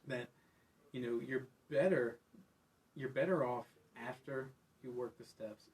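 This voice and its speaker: A man's voice: mid-range voice, a little slow, a little mellow, low-quality recording. A man in recovery talking earnestly and confessionally as a podcast guest. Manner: earnest, confessional, many fillers. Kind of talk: personal testimony in casual talk.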